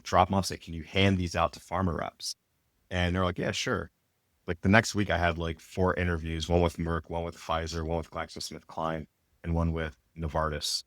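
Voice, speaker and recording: A man's voice: low voice, a bit bright, no room sound, studio quality. A middle-aged man and company founder, telling his career story in a casual interview with loose, rambling talk full of fillers and restarts. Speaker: podcast guest, apparel company founder.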